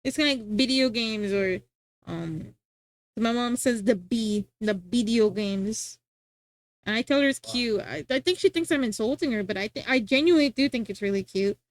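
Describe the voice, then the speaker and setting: A woman's voice: a little high, animated, normal speed. A young adult woman streaming, rambling in casual chat and answering her chat, often restarting her sentences.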